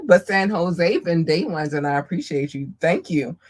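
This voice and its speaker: A woman's voice: fairly low pitch, animated, normal speed, few pauses. Gushing woman podcast host. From Maryland, US. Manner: gushing, affectionate, squeals greetings. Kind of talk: casual live-stream shout-outs.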